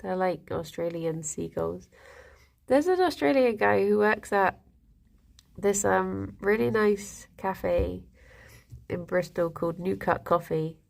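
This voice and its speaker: A woman's voice: medium pitch, slow pace, gravelly. A young woman streaming live, chatting casually with viewers and rambling to her pet rabbits. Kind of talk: casual chat reading viewer comments.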